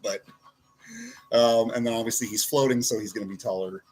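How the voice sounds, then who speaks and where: This is a loose, casual toy-figure review in which a man keeps cutting himself off to talk to himself while posing the figures. His low-leaning voice is steady, darkish and slightly rough, a little fast, on a low-quality recording.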